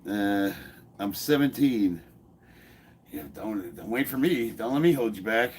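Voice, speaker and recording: A man's voice: mid-range voice, lively intonation, a little fast, slight background noise. A man in his forties chatting casually in his home garage gym, reading comments aloud, blunt and joking, laughing often and swearing freely. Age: 40s. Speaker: fitness YouTuber.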